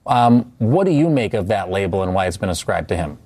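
A man hosting an interview, measured and polished as he steers the conversation. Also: on the low side, sing-song, a little mellow, slightly rough, no room sound. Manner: measured, polished host phrasing. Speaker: host. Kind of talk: broadcast interview.

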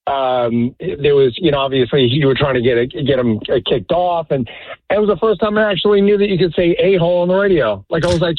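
A man's voice: a little high, a little fast, no room sound. A man calling in to a radio show, hesitant and rambling. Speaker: caller. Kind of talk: phone call to a radio show. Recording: tinny phone line.

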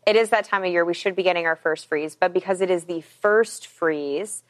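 A woman's voice: fairly low pitch, normal speed, noisy background. A woman meteorologist chatting through a weather forecast on air, explaining things in a friendly, upbeat way.

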